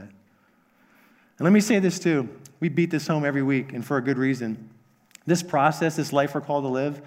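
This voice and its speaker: A man's voice: mid-range voice, a little mellow, long reverb tail. A man preaching a sermon as pastor, earnest, repeating key phrases for emphasis.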